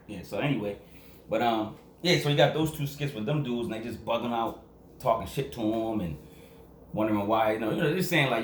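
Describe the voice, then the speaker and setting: A man's voice: medium pitch, quick pace, a little hiss or hum. A young man from Massachusetts reviewing an album in a casual, rambling vlog, full of slang and filler phrases. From Quincy, Massachusetts. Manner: rambling, slangy, full of fillers and "you know what I'm saying". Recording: echoey room.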